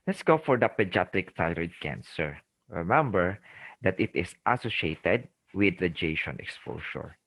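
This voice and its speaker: A middle-aged man with a Filipino accent delivers a medical lecture in a very low voice. He is didactic, repeating key terms and often checking in with his listeners. The recording is dry and close, with no room sound. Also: lively intonation, normal speed, a bit bright, husky, no echo, poor audio. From Philippines. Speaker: lecturer, ENT surgeon.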